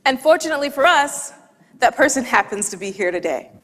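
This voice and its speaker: A woman with a fairly high voice tells a funny story in front of an audience, bringing each line of dialogue to life. Her voice carries a long reverb, as in a large hall. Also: a little fast. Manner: lively, humorous storytelling with quoted dialogue. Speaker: speaker. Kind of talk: storytelling talk.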